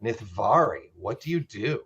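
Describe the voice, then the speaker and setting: A man running a tabletop role-playing game as dungeon master, talking in halting bursts with many restarts. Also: fairly low pitch, very animated, a bit bright, slightly rough, highs cut off.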